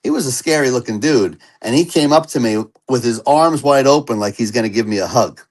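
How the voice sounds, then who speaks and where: A man speaks as a guest in an interview, telling his recovery story with earnest, animated energy. His pitch sits at an average level for a man. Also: a little fast, rough recording.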